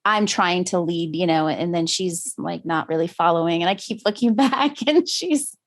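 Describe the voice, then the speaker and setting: A woman's voice: on the low side, moderate pace. A woman talking casually about homeschooling her daughter, reflective and laughing often. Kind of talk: casual conversation.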